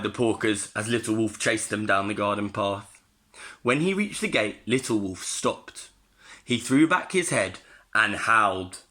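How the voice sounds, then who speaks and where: A male primary school teacher reading a storybook aloud to his pupils in an expressive way. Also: on the low side, a little slow.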